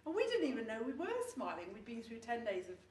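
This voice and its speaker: A woman's voice: on the high side, big pitch swings, fast, a little mellow, reverberant, far from the mic. A middle-aged woman telling a story in a chatty way, laughing and restarting her sentences. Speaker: testimonial speaker. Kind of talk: casual story-telling before an audience.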